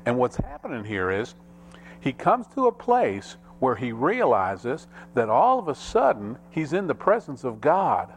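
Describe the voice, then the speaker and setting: A man preaching a sermon as pastor, with dramatic rises and drops in pitch and pace. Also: big pitch swings, moderate pace, a little hiss or hum.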